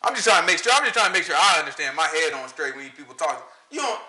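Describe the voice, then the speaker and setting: Animated Southern man teaching scripture. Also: on the high side, racing. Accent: US Southern country. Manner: animated, rhetorical questions, frequent laughter. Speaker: Bible study teacher. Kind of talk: informal Sabbath teaching. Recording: echoey room.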